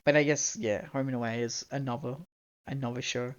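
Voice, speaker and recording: A young Australian streamer rambling through relaxed live-stream chat, laughing often and swearing without a second thought. The voice sits at a middling pitch, and the mic sounds slightly dull and lo-fi. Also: brisk.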